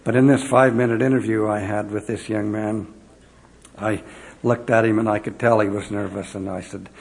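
Gravelly man telling earnest mission stories. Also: on the low side, steady tone, moderate pace. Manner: earnest storyteller acting out remembered dialogue. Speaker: former mission president addressing an audience. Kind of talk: devotional talk with personal stories.

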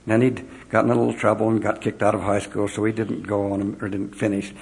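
Gravelly man telling earnest mission stories. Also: lowish voice, flat delivery, fast talker, a little mellow. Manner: earnest storyteller acting out remembered dialogue. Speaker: former mission president addressing an audience. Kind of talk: devotional talk with personal stories.

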